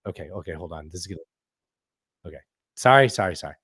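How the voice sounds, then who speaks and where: A man's voice: deep voice, lively intonation, fast talker, a bit bright, husky, no echo, clean studio sound. A man hosting a casual political podcast, opinionated and explaining at length with frequent restarts. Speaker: podcast host.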